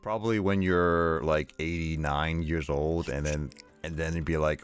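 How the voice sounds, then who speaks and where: A man's voice: rumbling low, fairly even intonation, a little slow, clear, resonant tone, faint music behind. A man streaming a game, joking and laughing with friends in casual chat. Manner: joking, giggly, reads game text aloud. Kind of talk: casual livestream chat while playing.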